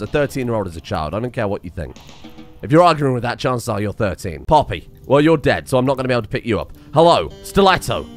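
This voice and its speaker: A young man giving excitable, sarcastic let's-play commentary and laughing often. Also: mid-range voice. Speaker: gaming channel host.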